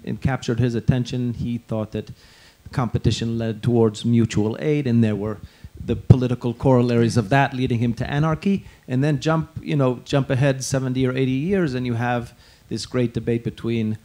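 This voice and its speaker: A man's voice: medium pitch, dark tone. A man moderating a public conversation, musing at length and leaning on fillers as he builds his point.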